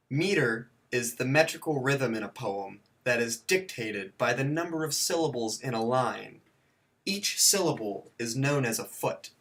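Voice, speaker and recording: Slow, dry-humored male lesson narrator. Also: medium pitch, fairly bright tone. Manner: dry joking asides, mock self-corrections; counts and spells out points slowly. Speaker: teacher. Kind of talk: scripted video lesson narration.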